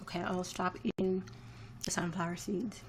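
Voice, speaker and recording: A woman's voice: lowish voice, little pitch movement, moderate pace, a little hiss or hum. A woman in her twenties chatting casually on a live stream, rambling and reacting to viewer comments. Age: 20s. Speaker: livestreamer.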